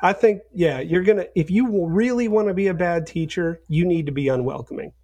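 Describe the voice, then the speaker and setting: A man co-hosting a podcast, giving mock-serious advice in a deadpan way. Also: high voice, fairly quick, husky. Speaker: podcast co-host. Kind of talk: bantering podcast chat.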